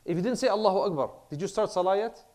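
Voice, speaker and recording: A man teaching an online class on Islamic prayer law in a relaxed way. He mixes Arabic terms into his English, with many fillers and repeated words. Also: high-pitched, rapid-fire. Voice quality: clears throat, says he has a bad throat. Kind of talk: casual classroom lecture.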